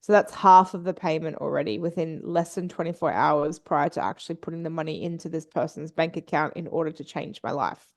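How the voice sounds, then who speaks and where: A woman's voice: low-pitched, fairly quick, few pauses. A woman guesting on a podcast, telling a personal story candidly and swearing freely. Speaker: podcast guest, business and mindset coach.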